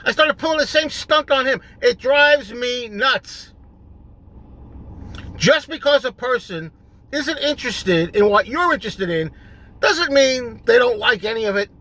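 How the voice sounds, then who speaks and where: A middle-aged man hosting a solo rant video, exasperated and repetitive, building up to shouting. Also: extremely high pitch, animated, measured pace.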